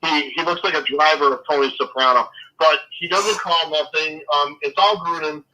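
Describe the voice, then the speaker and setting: A man's voice: a little high, steady tone, moderate pace, pushed and bright, dull audio. A man talking football as a guest, ranting in a fired-up way, swearing and then apologizing. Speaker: guest fan. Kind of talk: casual sports chat.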